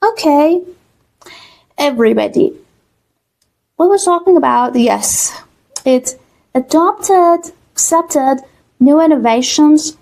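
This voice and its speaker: A woman English teacher with a Persian accent, explaining exam reading answers slowly, with many fillers and a checking "okay?". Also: sits high, animated, vocal fry, a little mellow. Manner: slow, many fillers, repeats words with "okay?". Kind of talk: online exam-prep lesson.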